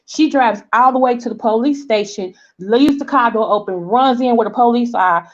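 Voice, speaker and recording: A woman's voice: a little high, moderate pace. A woman in her forties with a Southern American accent, telling a story in casual chat and acting out the voices of people in it. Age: 40s. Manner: animated storyteller, acts out quoted voices, checks in with "okay?". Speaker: vlog host. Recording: dull lo-fi sound.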